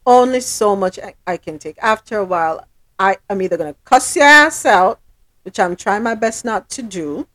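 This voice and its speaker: A woman's voice: mid-range voice, expressive, moderate pace, fairly bright tone. Frustrated woman hosting a talk show. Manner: frustrated, apologetic, emphatic. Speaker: podcast host. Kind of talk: casual talk show commentary.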